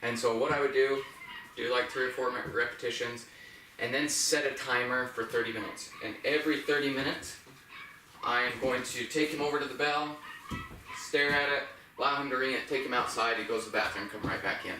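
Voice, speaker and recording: A man working as a dog trainer, calmly explaining each step while giving brisk commands to a dog. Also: mid-range voice. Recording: echoey room, mic at a distance, noisy.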